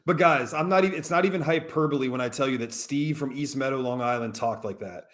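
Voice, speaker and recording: A man's voice: mid-range voice, fast talker. A young man co-hosting a podcast in casual banter, emphatic and saying "bro" and "dude" often. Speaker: podcast co-host.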